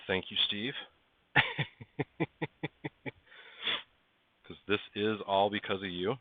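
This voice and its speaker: A man hosting a casual livestream from his workshop, chatting with viewers by name while he works. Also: on the low side. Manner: chatty, greets viewers by name, coaxes parts while working. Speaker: livestream host. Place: workshop barn indoors. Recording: dry, tinny phone-like sound.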